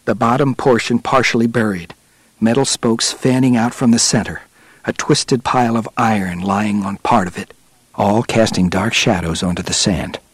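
A man narrating a nonfiction adventure audiobook in a steady, measured storytelling manner. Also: fairly low pitch, slightly rough, no room sound.

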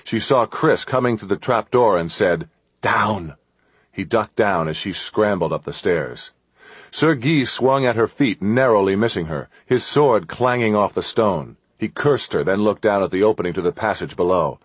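A man narrating an adventure audiobook in a steady, measured storytelling manner. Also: fairly low pitch, breathy edge, dry recording.

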